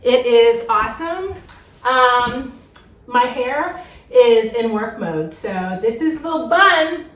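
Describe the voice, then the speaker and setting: A woman's voice: a little high, animated, slow pace, a bit bright, reverberant, slight background noise. Bubbly, chatty woman vlogging at home. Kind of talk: casual vlog chat. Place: home, indoors.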